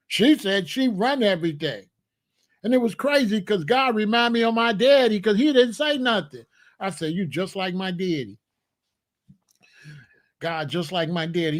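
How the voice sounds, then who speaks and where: A man hosting a comedic monologue, preachy and full of rhetorical questions. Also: high voice. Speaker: comedian host.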